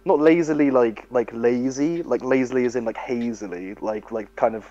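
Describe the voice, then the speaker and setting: A man talking loosely on a band podcast, circling his point through stacks of fillers. His voice sits in an ordinary middle pitch, relaxed and unscripted. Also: moderate pace, muffled recording. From England. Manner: rambling, filler-heavy. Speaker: podcast co-host. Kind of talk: casual podcast chat.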